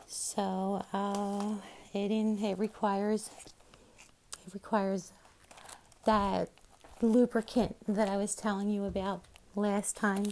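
A middle-aged woman hosts her own show and talks into her phone in an unhurried, meandering way. She is chatty and affectionate and circles back on her thoughts. A faint hiss sits under her voice. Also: medium pitch, level tone, darkish tone. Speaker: podcast host. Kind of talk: casual chat.

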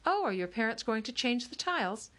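A woman doing a shrill nosy nanny. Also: sing-song, fairly quick, fairly bright tone.

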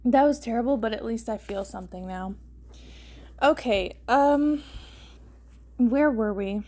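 A woman's voice: fairly high pitch, unhurried, darkish tone. A young woman hosting a comedic reading of fan fiction, rambling and wry, often stopping to comment. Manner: rambling, self-interrupting, wry. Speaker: host.

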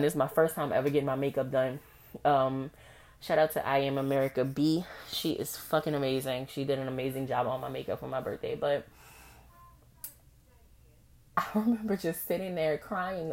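A young woman hosting a podcast, telling a personal story in a candid, profane, animated way with frequent laughs. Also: rumbling low, brisk. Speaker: podcast host.

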